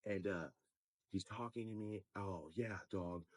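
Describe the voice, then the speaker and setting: A man's voice: on the low side, a little slow, rough recording. A man retelling a dispute in an exasperated storytelling rant, acting out the lines of others. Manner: exasperated, acts out quoted lines.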